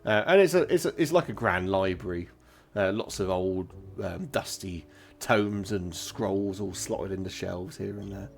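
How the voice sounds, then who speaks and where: A man's voice: deep voice, unhurried, gravelly. Rambling man narrating a game. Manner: rambling, searching for words. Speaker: game master.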